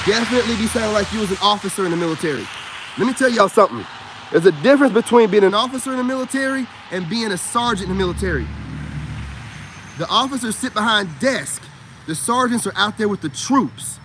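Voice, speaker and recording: A man's voice: high voice, animated, fast talker, a bit bright, a little hiss or hum. A man giving a blunt, profane lecture in a casual rant straight to camera. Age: adult parent. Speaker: vlogger. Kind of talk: casual ranting monologue.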